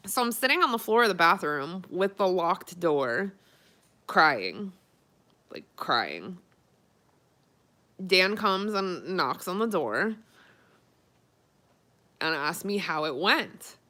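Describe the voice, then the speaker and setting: A young woman in a casual vlog tells a personal story in a chatty way, with lots of "like" and plenty of feeling. Her voice sits a little low. She talks at a slow, unhurried pace. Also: pushed and bright. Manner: chatty, peppered with "like", emotional retelling. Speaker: vlogger.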